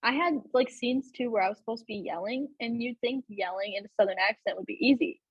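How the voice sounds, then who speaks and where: Podcast host, young woman, breathy and slightly high, dry muffled recording. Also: fast, dry recording. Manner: chatty, lots of fillers and laughs. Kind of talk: casual chat.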